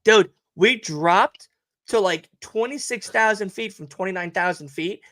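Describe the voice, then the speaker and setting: A young man co-hosting a livestream, telling a story in animated casual chat and swearing often. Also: sits high, a little slow. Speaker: livestream co-host.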